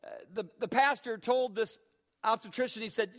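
A middle-aged male pastor preaching a sermon, emphatic, swinging from hushed tones to shouts. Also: very high voice, fairly even intonation, normal speed.

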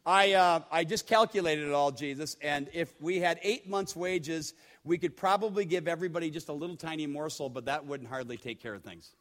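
A preacher playing a doubtful number-crunching disciple. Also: male voice, a little high, brisk, hardly any pauses, a bit bright, big-room sound, pitched below the performer's own voice, lightly acted. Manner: hesitant, matter-of-fact.

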